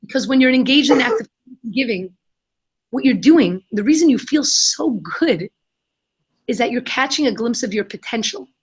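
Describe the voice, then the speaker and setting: A young adult woman answering questions in a live Q&A, telling an animated story and acting out the voices of the people in it. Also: fairly high pitch, moderate pace, breathy edge. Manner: animated, acts out quoted voices. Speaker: guest, kindness nonprofit founder.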